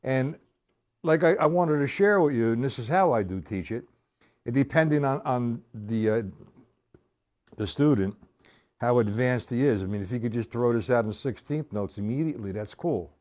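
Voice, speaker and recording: Chatty drum teacher with a lively voice. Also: male voice, mid-range voice, normal speed. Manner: chatty, explains step by step, counts beats aloud. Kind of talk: live-streamed drum lesson.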